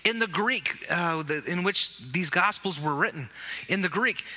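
A male pastor with a piercingly bright, somewhat high voice delivers an Easter sermon. He preaches with animated emphasis and rallies his congregation to shout back. His voice is starting to give out. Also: unhurried, a little hiss or hum. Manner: animated preaching, leads the congregation in call-and-response. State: voice giving out.

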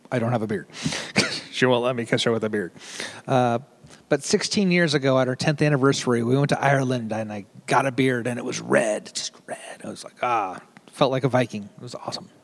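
Chatty, joking middle-aged male preacher. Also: medium pitch. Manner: chatty and joking, with quick asides. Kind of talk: casual sermon.

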